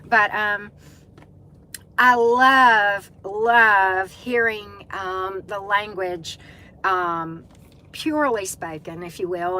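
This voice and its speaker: A woman's voice: medium pitch, bright, forceful tone, a little hiss or hum, poor audio. A middle-aged woman with a Southern US accent hosts a casual live-stream chat, greeting viewers by name and using lots of fillers. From Southern United States.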